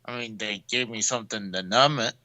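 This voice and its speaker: A man calling into a show, his speech muffled after having a tooth pulled, answering in a hesitant, halting way. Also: on the low side, pushed and bright, dry recording. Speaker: caller.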